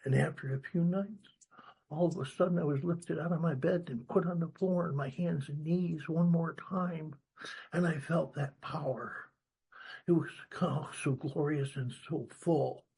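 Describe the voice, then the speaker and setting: Husky-voiced man telling his recovery story. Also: on the high side, measured pace. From New York, USA. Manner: animated storyteller, acts out dialogue, blunt and salty. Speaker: recovery meeting speaker. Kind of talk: personal recovery story talk.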